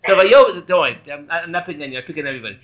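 A man, a rabbi, teaching a Torah class in a lively way, quizzing and joking with his students. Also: fairly high pitch, very fast, narrow, tinny audio.

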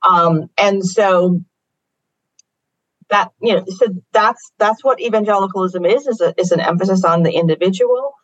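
A woman's voice: medium pitch, normal speed, no room sound, dull audio. A woman author answering interview questions in a thoughtful, explanatory way, working her ideas out aloud. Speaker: author guest.

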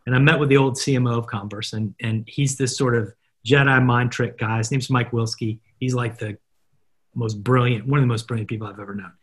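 A man's voice: mid-range voice, fairly quick, slightly rough. A man in his fifties, a marketer and podcast guest, telling stories in a casual interview and acting out the dialogue. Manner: animated, acts out dialogue in stories.

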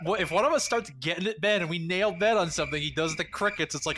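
A man's voice: high voice, quick pace, noisy background. A man co-hosting a podcast in casual banter, teasing his co-host, swearing, and riffing with silly sound effects.

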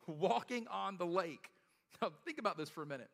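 A man's voice: high-pitched, animated, moderate pace, vocal fry, fairly bright tone, in a large hall. A man preaching a sermon in a casual, joking storytelling way, often laughing and checking in with "right?". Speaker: pastor.

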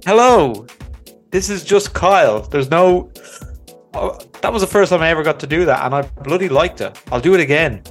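A man's voice: on the high side, brisk, faint music behind. A man hosting a comedy podcast in a playful, mock-earnest manner, teasing his guest. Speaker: podcast host.

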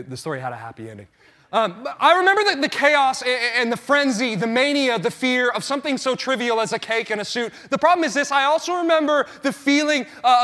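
Male pastor, 30s, high and bright, animated storyteller. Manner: animated storytelling, acting out his own panic. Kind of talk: sermon.

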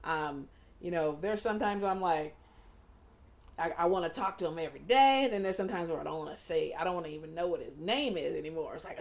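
Animated laughing woman podcast host. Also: lowish voice, quick pace. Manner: candid, laughing, animated storyteller. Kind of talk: casual chat.

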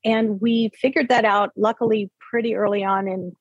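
Husky fifty-something woman therapist chatting about parenting, earnest, slows down to make a point, dry close sound. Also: mid-range voice, fairly even intonation, no echo, lo-fi sound. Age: 50s. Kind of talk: conversational interview.

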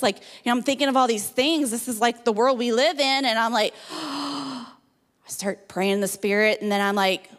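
A middle-aged woman, a guest speaker, telling a story in a chatty, animated sermon full of "like" and "you know". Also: a little high, normal speed. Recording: reverberant hall.

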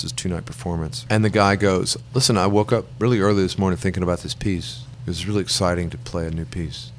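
A middle-aged man with a deep voice, heard with a little hiss or hum, is a songwriter guest in an interview. In a relaxed storytelling mood, he spins long, rambling anecdotes and acts out the people he quotes.

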